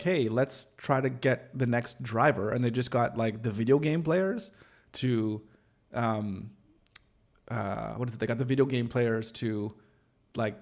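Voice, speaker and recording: A man talking loosely to his livestream audience, his voice carrying a gravelly, fried edge at a middling pitch. He wanders from thought to thought, trailing off and restarting with lots of "uh"s, and jokes at his own expense. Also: darkish tone. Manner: rambling, full of fillers and restarts; joking, self-deprecating. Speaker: livestream host. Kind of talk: casual livestream chat with viewers.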